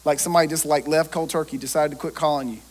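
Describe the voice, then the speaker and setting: A man, a pastor preaching a lively sermon and joking with his congregation. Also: fairly high pitch, racing.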